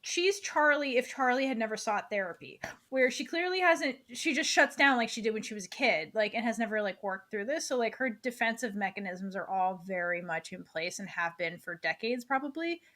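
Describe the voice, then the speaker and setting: Chatty book club co-host, woman, higher than average pitch, on a video call. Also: lively intonation, a little fast, a bit bright. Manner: chatty, many "like" fillers. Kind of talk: casual chat.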